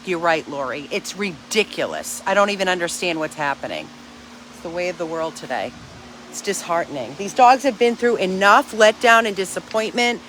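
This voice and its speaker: Here the dog rescue owner is again outdoors, talking casually to her followers in an earnest, emphatic, chatty way. Her voice sits at a medium pitch with a fairly bright tone, and slight background noise can be heard.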